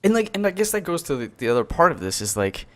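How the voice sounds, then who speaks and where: A man's voice: on the high side, big pitch swings, quick pace. A man co-hosting a casual podcast over a call, talking earnestly in rambling runs with many restarts. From North America. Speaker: podcast co-host. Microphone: call recording.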